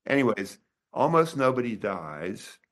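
An older man, a doctor and author, talking in a relaxed interview with many restarts and pauses. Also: mid-range voice. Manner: rambling, halting, many restarts. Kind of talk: casual interview chat.

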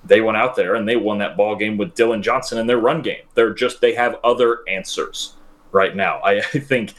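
A man co-hosting a sports podcast, giving measured analysis with frequent restarts. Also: lowish voice, a bit bright.

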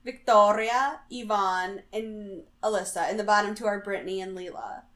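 A woman's voice: medium pitch, fairly even intonation, normal speed, crowd noise. A woman co-hosting a casual show, recapping TV with wry jokes and dry asides, laughing along. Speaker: podcast co-host.

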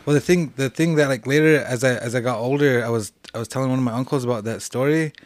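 A man's voice: mid-range voice, fast. A young man from a reservation telling ghost stories as a podcast guest, rambling casually with many fillers and restarts. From Cheyenne reservation, United States. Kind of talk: casual storytelling.

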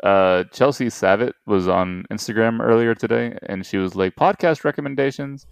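A man's voice: fairly low pitch, steady tone, normal speed, creaky, clean tone, no room sound, studio quality. A man co-hosting a podcast in casual chat, joking, laughing often and swearing freely. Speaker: podcast co-host.

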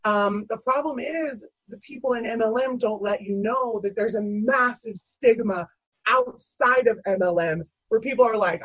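Husky-voiced woman telling her story. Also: fairly high pitch, normal speed, dry recording, dull audio. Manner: animated, acts out quoted voices, many fillers. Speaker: guest. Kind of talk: candid personal storytelling.

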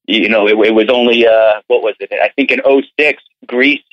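Male guest, Philly accent, relaxed and rambling, thin lo-fi phone sound. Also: on the low side, moderate pace, no room sound. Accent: Philadelphia. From United States. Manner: relaxed, lots of fillers. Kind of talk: casual chat on a phone line. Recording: thin phone-line audio.

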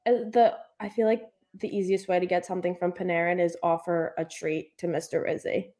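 A young woman chatting casually as a hockey fan, telling animated stories and acting out what she said. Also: on the low side, fairly quick. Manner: animated storytelling, acts out her own quotes. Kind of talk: casual chat.

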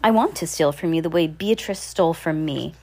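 A woman's voice: sits low, a little fast, darkish tone. A woman voicing a haughty, gloating rich villainess. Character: scheming greedy rich woman guardian, villain.

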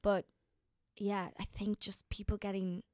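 A woman's voice: medium pitch, flat delivery, a little slow, darkish tone, no room sound, studio quality. A young woman actor talking in a casual interview, emotional and rambling, with many fillers and restarts.

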